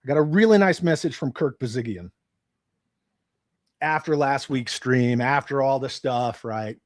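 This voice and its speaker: A man's voice: mid-range voice, unhurried, no room sound, studio quality. A man hosting a livestream, ranting with profanity and sarcasm about his hobby. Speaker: livestream host.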